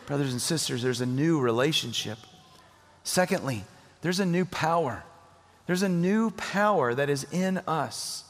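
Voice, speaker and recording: A man's voice: on the high side, lively intonation, a little slow, big-room sound. A man preaching a sermon as a pastor, in an earnest, emphatic, conversational way.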